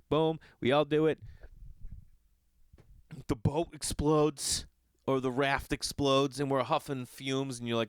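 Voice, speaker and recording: A man's voice: mid-range voice, moderate pace, no echo, studio quality. A man telling a rambling travel story in a casual podcast monologue, swearing freely and acting out what people said. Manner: profane, animated storytelling with acted-out voices. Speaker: podcast host.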